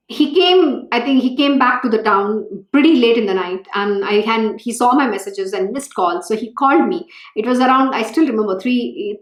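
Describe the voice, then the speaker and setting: Woman, scripture reading and commentary, fairly high voice, echoey room. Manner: earnest, storytelling, animated when recalling her own feelings. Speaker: spiritual teacher reading and expounding scripture.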